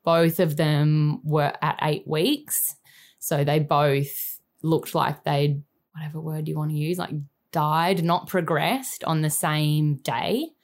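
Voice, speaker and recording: A woman in her thirties with an Australian accent, telling a painful personal story in a candid, halting and emotional way, full of fillers. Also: deep voice, fairly even intonation. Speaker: guest sharing a personal story.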